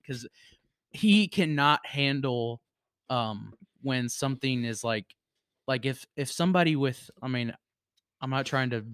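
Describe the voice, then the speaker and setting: A young man in his twenties, co-hosting a podcast, loosely telling rambling high school stories with many restarts. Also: lively intonation, a little slow, a bit bright, clean tone, no room sound, clean studio sound. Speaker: podcast co-host. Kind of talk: casual storytelling chat.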